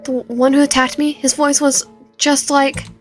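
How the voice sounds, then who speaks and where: Lady streamer reading game text out loud, kinda high voice, faint music in back. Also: moderate pace. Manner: reads dialogue and narration with lively reactions, some whispered lines. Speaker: streamer playing a visual novel. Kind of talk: reading game text aloud while playing.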